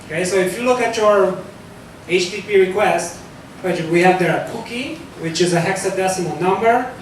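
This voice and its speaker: A man presents a technical talk to a live audience, high-pitched for a man, and he often corrects himself as he goes. He sits far from the mic, so the sound is thin and roomy, with a strong echo and a faint rumble underneath. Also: normal speed. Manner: loose, conversational, with fillers and self-corrections.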